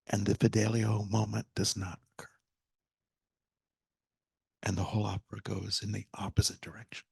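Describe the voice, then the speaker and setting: In a dry recording from a library event hall with a live audience, a guest speaker who is a theater director retells a story with animation, acting out quoted lines and at times nearly whispering. His lowish voice is gravelly, slightly rough and a little mellow, delivered flatly at a normal speed with long pauses.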